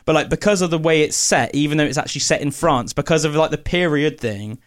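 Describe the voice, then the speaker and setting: A man on a podcast, chatting in a rambling, animated way with lots of fillers. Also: on the high side, fast talker. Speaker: podcast co-host. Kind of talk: casual chat.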